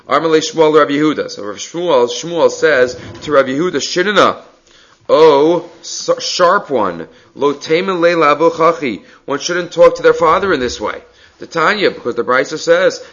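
A man's voice: mid-range voice, fairly bright tone. A man teaching a Talmud class, reading Aramaic lines aloud and explaining them in casual English. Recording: slightly dull lo-fi recording.

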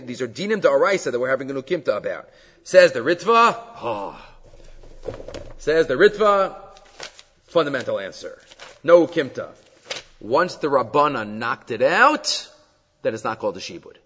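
A man teaching a Talmud lesson in an emphatic, animated way, mixing Hebrew and Aramaic terms into his English. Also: a little high. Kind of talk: Talmud study lecture. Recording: dull sound with long reverb.

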